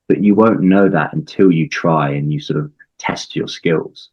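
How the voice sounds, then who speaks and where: A man from the UK, an English coach, explaining things in a measured way in a conversational interview, with frequent ums and restarts. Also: deep voice, slightly rough, muffled recording.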